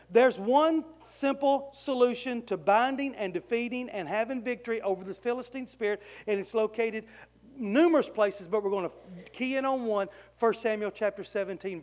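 High-voiced man preaching. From Southern US. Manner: folksy, repeats words when searching for them. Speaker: pastor. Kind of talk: sermon. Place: church sanctuary.

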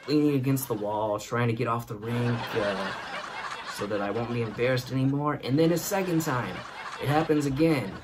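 A man's voice: mid-range voice, moderate pace, background noise. A man hosting a show, telling a comic story and laughing through it. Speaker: host. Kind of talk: comedic storytelling.

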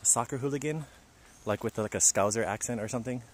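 A man with a mid-range voice talks fast while livestreaming from a park forest, chatting and joking casually with his viewers.

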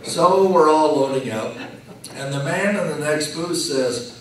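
A man giving a slow, joking farewell speech at a retirement reception, telling stories with punchlines. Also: a little high, animated, slight background noise. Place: banquet room. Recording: echoey room from far off.

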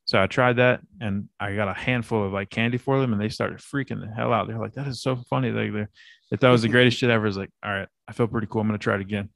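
A man co-hosting a podcast, telling an animated story in casual banter and swearing freely. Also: lowish voice, rapid-fire, vocal fry, no room sound, clean studio sound. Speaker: podcast co-host.

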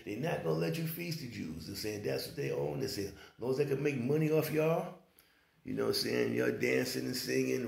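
A man's voice: medium pitch, creaky, darkish tone, roomy sound. A man talking in a casual commentary vlog, rambling and often asking whether you follow him. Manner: rambling, keeps saying "you know what I'm saying". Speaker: online commentator.

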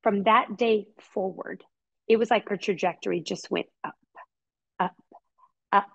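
Mom in her middle years, husky, talks earnest and heartfelt, repeats words. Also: mid-range voice, unhurried, dull audio. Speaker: podcast guest, mother. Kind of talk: candid personal storytelling.

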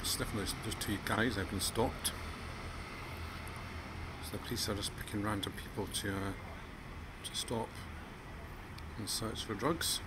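A male travel vlogger chats casually with his viewers, calling them "folks." His voice is lowish and steady, and he speaks unhurriedly with frequent pauses. The recording is very noisy.

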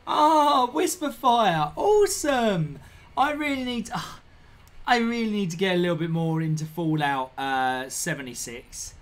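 A man's voice: high voice, animated, unhurried. A man chatting casually with viewers while live-streaming a video game, rambling and repeating himself. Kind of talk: live-stream gameplay chat.

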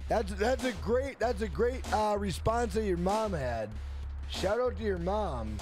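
A man's voice: high-pitched, a little slow, music in the background. A man live-streaming a video game, swearing and exclaiming as he plays and chatting with his viewers. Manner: excitable, profane, loud outbursts; banters with chat and greets viewers. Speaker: gaming streamer. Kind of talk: live gameplay stream commentary.

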